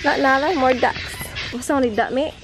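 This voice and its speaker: A vlogger and mother at an outdoor park and wildlife reserve talks playfully to her toddler in coaxing baby talk with a lively sing-song lilt. Her voice is high-pitched and moderately paced, heard over loud music amid noisy outdoor ambience and animal sounds.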